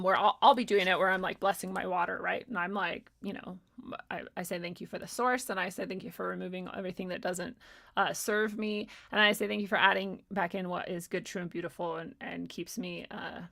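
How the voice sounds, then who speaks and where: A woman's voice: mid-range voice, fairly bright tone. Candid, laughing woman host musing aloud. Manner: rambling and candid, swears freely, laughs often; reads out viewer chat comments. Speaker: spiritual livestream host. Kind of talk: casual spiritual talk.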